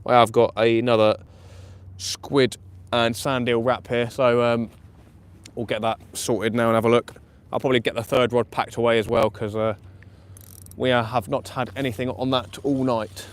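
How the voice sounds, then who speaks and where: A man commenting live on his night fishing session, chatty and excitable, laughing often, outdoors by the water. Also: mid-range voice, moderate pace, clear, resonant tone. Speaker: fishing vlogger. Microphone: camera or phone mic on a live stream.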